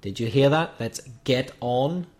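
A man's voice: mid-range voice, animated, measured pace, a little mellow. A man co-hosting an English lesson podcast, patiently explaining meanings step by step. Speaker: co-host teaching English.

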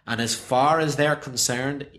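A man's voice: mid-range voice, fairly even intonation, a little slow, fairly bright tone. A man from Northern Ireland with a Northern Irish accent, co-hosting a casual chat and explaining things patiently with frequent fillers. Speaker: podcast co-host.

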